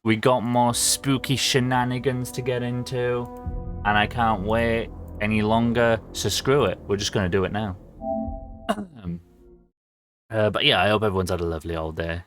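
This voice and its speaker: A man's voice: fairly low pitch, normal speed, soft background music. A young man, chatting casually with viewers on a livestream, rambling with lots of ums and small laughs. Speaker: streamer.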